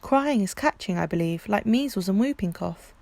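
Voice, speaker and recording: A woman hosts a library storytime, reading a children's book in a calm, clear storytelling voice. Her pitch sits in the middle. The sound is dry, with no room echo. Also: moderate pace.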